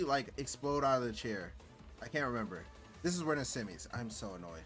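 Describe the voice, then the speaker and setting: A man's voice: medium pitch, expressive, a little fast, a bit bright, soft background music. A man streaming and commenting on gameplay in a rambling, exasperated way, full of filler words.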